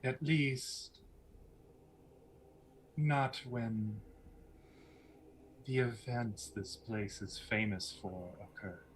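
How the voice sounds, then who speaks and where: A man voicing a scarred former queen who speaks in a soft, slow, menacing hush. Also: medium pitch, fairly even intonation, slight background noise, rough recording.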